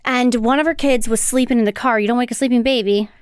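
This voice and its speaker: Higher-voiced woman, smooth and animated. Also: fast talker, no room sound, clean studio sound. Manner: animated storyteller who often acts out other people's lines. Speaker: podcast co-host. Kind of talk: casual chat.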